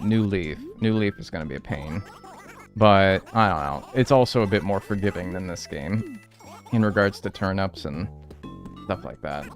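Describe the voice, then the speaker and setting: A man casually chatting with viewers during a live game stream, rambling and wry as he thanks people by name. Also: lowish voice. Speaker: gaming livestreamer. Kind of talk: casual live-stream chat while playing.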